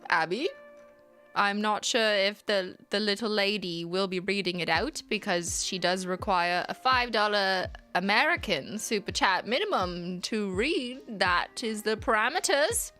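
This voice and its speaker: A woman's voice: medium pitch, lively intonation, a little slow, sharp tone, faint music behind. A woman hosting a casual livestream, reading out chat messages with playful, giggly, mock-corporate banter.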